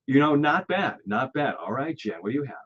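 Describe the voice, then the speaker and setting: A man's voice: mid-range voice, animated, fairly quick, fairly bright tone, breathy edge. Upbeat male radio host, casual on-air banter, a little muffled in the studio. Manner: upbeat, spells names letter by letter. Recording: slightly muffled studio audio.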